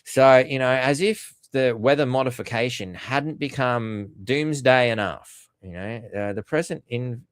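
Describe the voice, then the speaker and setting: A man's voice: mid-range voice, a little slow, hardly any pauses, smooth, no room sound, clean studio sound. A man hosting a podcast, rambling and sarcastic with frequent swearing and fillers. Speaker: podcast host. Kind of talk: casual commentary.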